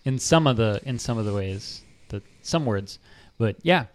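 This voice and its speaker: A man's voice: on the low side, expressive, moderate pace. A man hosting a casual podcast chat, easygoing and hesitant with lots of fillers.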